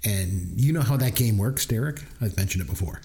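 A man co-hosting a podcast in casual chat, telling stories with animated delivery. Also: lowish voice, a little fast. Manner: animated storyteller, puts on voices when retelling. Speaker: podcast co-host.

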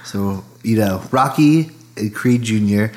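A man co-hosting a casual podcast chat, relaxed and prompting his partner with questions. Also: fairly low pitch, slow pace. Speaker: podcast co-host.

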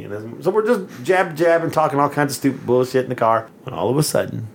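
A man from Texas, co-hosting a podcast and telling a story in a loose, animated way, laughing often and cursing freely. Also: mid-range voice, brisk, few pauses. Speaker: podcast co-host. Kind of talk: casual storytelling chat.

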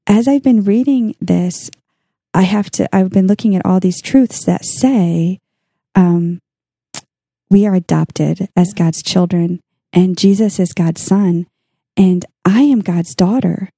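A woman co-hosting a podcast chats earnestly in casual faith talk, working through her study notes. Her voice is warm and dark with a gravelly edge, medium-pitched and slow, recorded close and dry with no room sound.

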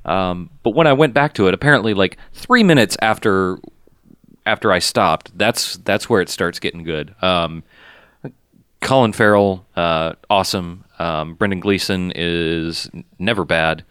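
A man's voice: deep voice, a little slow, fairly bright tone, clean tone, dry recording, studio quality. A man hosting a casual movie chat, rambling with lots of ums and cheerful swearing. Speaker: podcast host.

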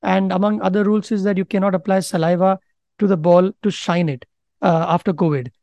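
Animated Indian man, high voice. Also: fairly quick, gravelly, no echo, highs cut off. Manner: animated, laughs often, mixes Hindi into English. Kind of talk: casual chat.

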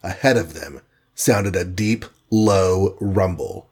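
A man narrating an adventure storybook aloud in a steady, dramatic reading. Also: low voice, slow pace, slightly rough.

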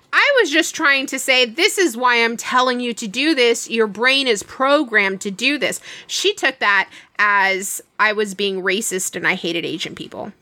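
A woman's voice: on the high side, dry recording. A young woman casually telling a long work story, acting out the dialogue as she goes. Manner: animated retelling with quoted dialogue.

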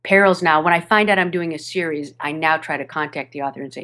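A woman with a fairly low voice talks about her narration work in a relaxed interview. She speaks animatedly, laughs often and restarts her sentences as she goes. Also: fast talker, hardly any pauses. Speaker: audiobook narrator. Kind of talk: podcast interview chat. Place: home studio over a video call.

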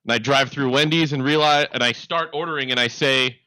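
A man's voice: medium pitch, steady tone, a little fast, bright, forceful tone, dry recording, low-quality recording. A man on a casual comedy podcast, telling a laid-back, wry story.

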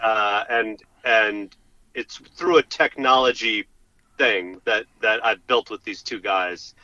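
A man's voice: lowish voice, takes it slowly, pushed and bright, no room sound. A man who is a guest on a talk show, speaking casually and hesitantly, with many fillers, over a dull lo-fi remote line. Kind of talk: casual interview chat.

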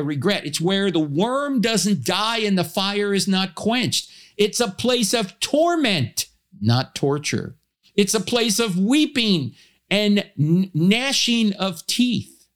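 A man giving a public talk on Christian theology, animated, shifting his pace and pitch for emphasis and telling stories with humor. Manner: storytelling with humor. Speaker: Christian apologist speaker.

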